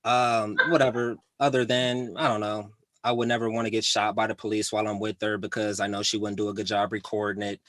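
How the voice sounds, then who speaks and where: A man's voice: fairly low pitch, level tone, a little fast, a bit bright, no echo. Laid-back rambling male comedian. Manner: laid-back, rambling delivery with many fillers. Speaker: stand-up comedian. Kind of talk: stand-up comedy set.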